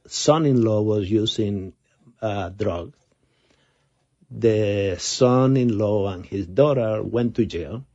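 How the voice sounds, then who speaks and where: A man's voice: fairly low pitch, gravelly, warm tone. A middle-aged man, a physician co-hosting a radio show, telling stories in casual chat and acting out the quotes. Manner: storytelling, repeats words, acts out quotes. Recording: dull lo-fi radio broadcast.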